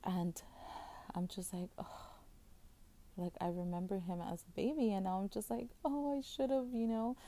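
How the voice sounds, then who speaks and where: A woman's voice: on the low side, moderate pace, warm tone. A woman in her thirties hosting a podcast, talking in a rambling, casual way with many fillers and restarts, openly emotional. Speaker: podcast host. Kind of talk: casual chat.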